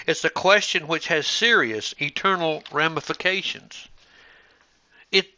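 A man delivers a sermon at a deliberately slow, measured pace, earnest as he reads scripture to his congregation. His voice sits a little high and sounds bright and forceful. The recording is slightly dull and lo-fi. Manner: measured, earnest, addresses listeners as brethren and friends. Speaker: preacher.

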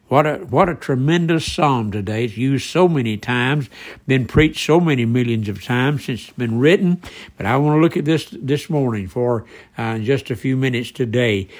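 A man preaching a sermon, earnestly asking his listeners direct questions and often restarting his sentences. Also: mid-range voice.

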